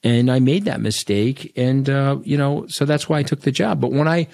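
A man's voice: medium pitch, steady tone, normal speed, creaky, a little mellow, no room sound, clean studio sound. A middle-aged man with a Long Island New York accent, a podcast guest telling stories in a blunt, rambling way and tagging lines with "okay?". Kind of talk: casual storytelling interview.

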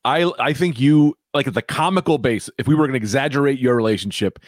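A man's voice: mid-range voice, fast talker, dry recording, clean studio sound. A man co-hosting a comedy podcast, rambling through bits and slipping into exaggerated voices. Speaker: podcast co-host. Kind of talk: casual comedic chat.

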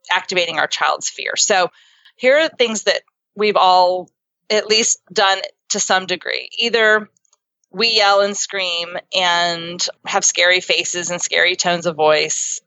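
A woman psychotherapist and author, speaking as an interview guest and explaining ideas earnestly with lively examples. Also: fairly low pitch, measured pace, vocal fry, dry recording. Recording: dull lo-fi sound.

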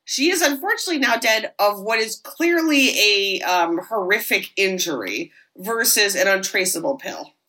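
A woman co-hosting a podcast casually recaps a horror film's plot, animatedly acting out the characters' lines for a moment and swearing casually. Her voice is medium-pitched at a moderate pace with hardly any pauses, and the audio quality is poor.

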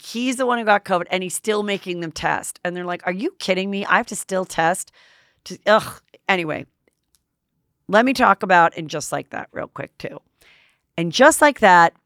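A woman's voice: lowish voice, lively intonation, normal speed, fairly bright tone, dry recording, clean studio sound. A woman hosting a casual gossip recap, chatty and blunt, with lots of fillers and freely swearing. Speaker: host.

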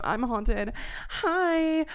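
A woman's voice: high-pitched, animated, very slow, clear, resonant tone. Woman podcast host just chatting, swears a lot, goes whispery for bits. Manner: chatty, swears freely, drops to whispers for jokes. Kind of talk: casual chat.

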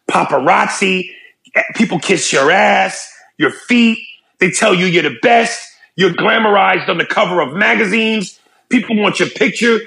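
A man co-hosting a casual podcast, talking in a high, gravelly voice. He swings his pitch around a lot and keeps things loose and animated, often dropping into little impressions. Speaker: podcast co-host.

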